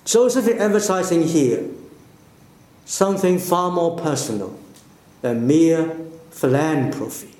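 A man preaching a sermon slowly and deliberately, with emphatic phrases that fall away at the ends. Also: fairly high pitch, lively intonation, darkish tone, echoey room. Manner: slow, deliberate, with falling emphatic endings.

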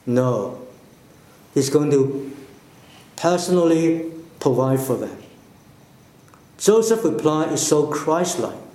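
A man preaching a sermon slowly and deliberately, with emphatic phrases that fall away at the ends. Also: a little high, animated, dark tone, reverberant. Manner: slow, deliberate, with falling emphatic endings.

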